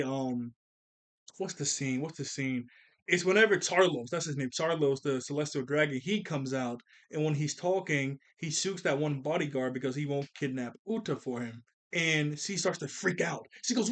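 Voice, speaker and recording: Rambling, laughing man with a higher voice. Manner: rambling, laughs often, loose slangy delivery. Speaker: anime reviewer. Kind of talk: casual film commentary.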